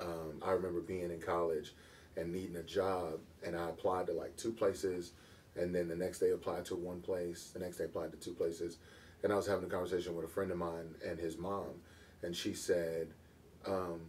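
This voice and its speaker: A man with a lowish voice chats easily as an interview guest, telling stories in a relaxed way. He sits a little back from the microphone, and a faint background noise runs under his voice. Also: normal speed, far from the mic. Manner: laid-back storyteller, laughs easily, slips into rap delivery. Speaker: hip-hop artist guest. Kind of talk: casual interview chat.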